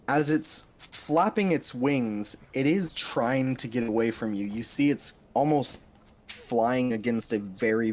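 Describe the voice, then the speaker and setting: A man narrating as game master, halting with fillers and laughing often. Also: mid-range voice, darkish tone.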